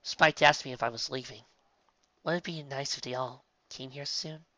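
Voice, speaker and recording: Casting: reader doing an anxious young unicorn mare, halting, bright-voiced, slightly lo-fi. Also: mid-range voice, dry recording. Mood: wistful. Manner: hesitant, self-conscious.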